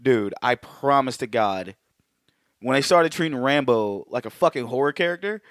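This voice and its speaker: A man's voice: medium pitch, lively intonation, moderate pace, fairly bright tone, no room sound, clean studio sound. A man co-hosting a podcast, telling stories in casual chat, swearing freely and laughing often. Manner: profane, storytelling, laughs often. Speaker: podcast co-host.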